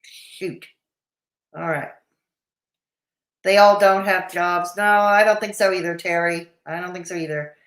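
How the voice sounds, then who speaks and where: A woman's voice: on the low side, steady tone, unhurried, pauses often, fairly bright tone, reverberant. A woman hosting a casual reaction chat, blunt and dismissive, with the hiccups. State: has the hiccups. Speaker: commentary channel host.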